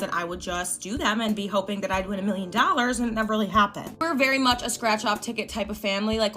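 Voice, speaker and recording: A young woman telling a personal storytime, animated and dramatic, swearing for emphasis. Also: mid-range voice. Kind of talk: storytime over gameplay. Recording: faint background music.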